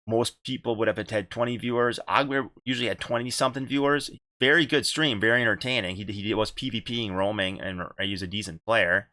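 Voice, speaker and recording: A man's voice: on the low side, fast talker, hardly any pauses, bright, forceful tone, no echo. A man hosting a casual gaming podcast, rambling and repeating himself, with casual swearing. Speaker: podcast host and streamer.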